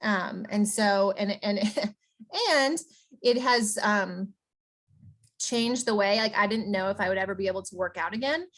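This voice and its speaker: A woman coaching business owners in a casual, energetic motivational talk, chatty and emphatic. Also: medium pitch, unhurried. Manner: energetic, chatty, often asks "right?".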